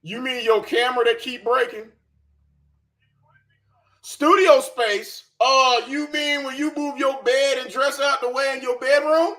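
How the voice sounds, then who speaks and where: High-voiced man mocking with scorn. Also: fairly even intonation, normal speed, few pauses, bright, forceful tone. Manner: profane, scornful and sarcastic. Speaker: commentary channel host. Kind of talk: mocking reaction commentary.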